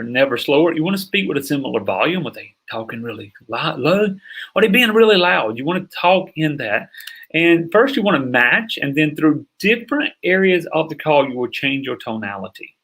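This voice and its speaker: A middle-aged man with a light Southern drawl talks fast and with emphasis, coaching a class on selling. His voice is husky and sits at a middling pitch. He keeps asking whether his listeners are with him. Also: a bit bright. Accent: Southern American drawl. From North Carolina, US. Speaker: sales coach. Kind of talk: teaching a sales training session.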